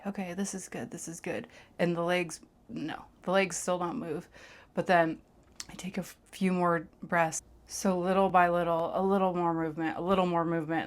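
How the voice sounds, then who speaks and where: A woman candidly recounting a personal experience to camera, blunt and profane, sometimes dropping into a hush. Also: on the low side. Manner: blunt and profane, drops into hushed tones. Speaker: vlogger sharing her past.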